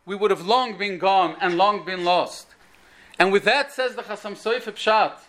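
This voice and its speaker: Male rabbi with an Orthodox Jewish English accent, bright, sharp tone, lively storytelling sermon. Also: high-pitched, normal speed. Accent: Orthodox Jewish English with Yiddish and Hebrew words. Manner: storytelling, animated, rising to emphatic peaks. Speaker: rabbi giving a talk. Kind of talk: Torah lecture.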